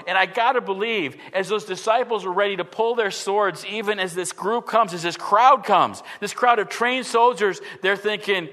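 A male pastor preaching a sermon, animated and full of rhetorical questions, swinging from loud emphasis to hushed tones. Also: high-pitched, normal speed, few pauses. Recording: long hall reverb.

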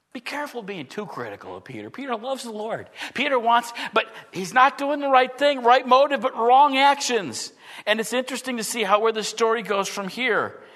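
A male pastor preaching a sermon, animated and full of rhetorical questions, swinging from loud emphasis to hushed tones. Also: sits high. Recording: long hall reverb.

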